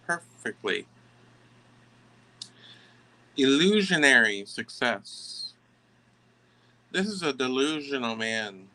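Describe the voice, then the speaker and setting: A middle-aged man reads tarot cards to his viewers at an unhurried pace, in a sharp, very bright voice. He leans hard on key words, then trails off and starts his sentences over. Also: medium pitch, poor audio. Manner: emphatic, halting with restarts. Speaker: tarot reader. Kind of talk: tarot reading to camera.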